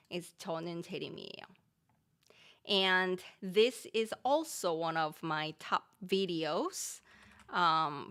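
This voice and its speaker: Lively bright-voiced Korean woman teaching. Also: medium pitch. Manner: explains patiently, reads viewer questions aloud, laughs often. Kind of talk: live-stream Q&A lesson.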